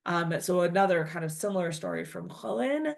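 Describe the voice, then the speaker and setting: A woman's voice: on the low side, animated, fairly quick, creaky. Chatty woman teaching an old text. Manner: reads Aramaic then explains in loose, chatty English with many "like"s. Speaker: Torah teacher. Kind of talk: casual text-study lesson.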